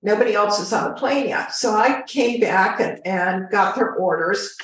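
An older woman, a former flight attendant, telling a story as an interview guest in a chatty, animated way. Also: medium pitch, normal speed, distant mic, slight background noise. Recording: very echoey room.

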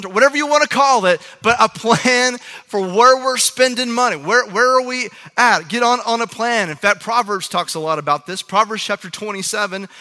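A man preaching a sermon as a pastor, talking in a chatty way and often checking in with the congregation with quick asides. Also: sits high, bright, forceful tone. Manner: conversational, frequent "right?" asides to the audience. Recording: long reverb of a hall.

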